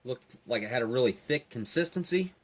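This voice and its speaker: Man, mid-pitch voice, easygoing food reviewer tasting and describing flavors with enthusiasm. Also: a little fast. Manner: relaxed, enthusiastic tasting commentary.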